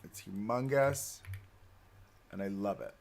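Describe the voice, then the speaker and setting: A man's voice: fairly low pitch, takes it slowly, creaky. A young man chatting to himself and his viewers as he builds in a live game stream. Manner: chatty, self-talking while building. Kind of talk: live gameplay commentary.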